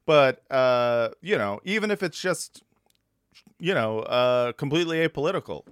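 A man's voice: medium pitch, expressive, moderate pace, smooth, no room sound, studio quality. A man hosting a podcast in casual chat, hesitant and wry, with many fillers. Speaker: podcast host.

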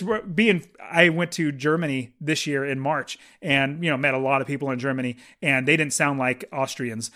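A man's voice: a little high, a bit bright. A man chatting casually and enthusiastically about a movie as a podcast co-host, rambling with frequent restarts.

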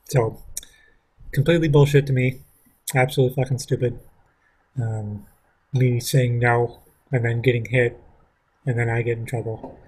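Husky man telling a rambling school story. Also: mid-range voice, fairly even intonation, moderate pace, long pauses, a little mellow. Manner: rambling, frequent fillers and restarts, swears. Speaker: vlogger. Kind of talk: casual storytelling.

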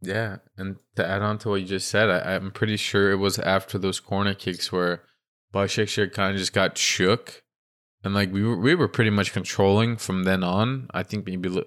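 A man with a fairly low voice co-hosts a casual football podcast. He retells match moments in an animated, chatty play-by-play way. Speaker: podcast co-host. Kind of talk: casual sports podcast chat.

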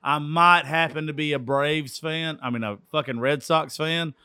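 A man's voice: a little high, fairly even intonation, moderate pace, sharp tone, smooth, no room sound, studio quality. A tipsy man from Georgia with a Southern accent, hosting a rowdy, profane live sports call-in style show. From Georgia, USA. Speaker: radio show host. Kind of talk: drunk live sports commentary.

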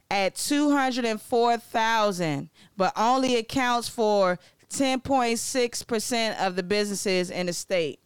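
A young woman from Maryland hosting a casual educational vlog, excitable and joking, often digressing and swearing as she talks. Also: mid-range voice, clear, resonant tone, no room sound, clean studio sound. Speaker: vlogger presenting facts on Black-owned businesses.

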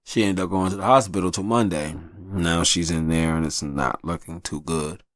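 Deep gravelly guy just talking, profane storyteller, very dry mic. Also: steady tone, normal speed, no echo. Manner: candid, profane, acts out voices in his stories. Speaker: podcast host. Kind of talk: casual storytelling monologue.

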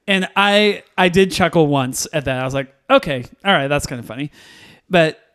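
A man with a somewhat high voice, chatting through a film review on a podcast. He is animated, laughs often and puts on the characters' lines as he retells scenes. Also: moderate pace, clear, resonant tone. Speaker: podcast co-host. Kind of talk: casual movie review chat.

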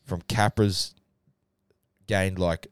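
Give me a young Australian man, slangy and rowdy, with a smooth, resonant tone. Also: low voice, fairly even intonation, very slow, no echo, clean studio sound. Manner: rowdy, slangy storyteller, swears freely. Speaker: podcast host. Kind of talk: casual chat among mates.

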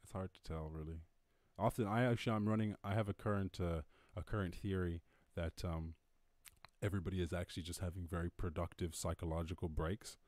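A man's voice: deep voice, fairly even intonation, brisk, no echo. A young man from Ireland hosting a live stream from home, chatting in a rambling, self-mocking, laid-back way between freestyle raps. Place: at home during lockdown. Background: loud backing beat.

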